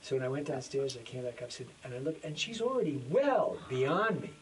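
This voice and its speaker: A man's voice: mid-range voice, brisk, far from the mic, rough recording. A man in his sixties, a voice actor in a making-of interview, telling anecdotes animatedly and acting out the lines he quotes. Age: 60s. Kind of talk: casual interview storytelling.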